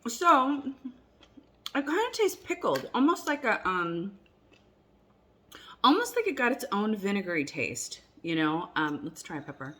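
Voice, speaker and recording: This woman's voice is medium-pitched and sing-song, bright and forceful, a little slow with frequent pauses. As a cooking vlogger running an informal taste test at home, she chats and rambles, restarting and using fillers, at times speaking while she chews.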